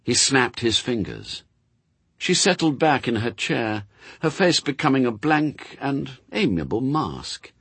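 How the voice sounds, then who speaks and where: A man narrating an audiobook in an expressive, dry storytelling manner. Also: medium pitch, measured pace, vocal fry, husky, no room sound. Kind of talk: scripted narration.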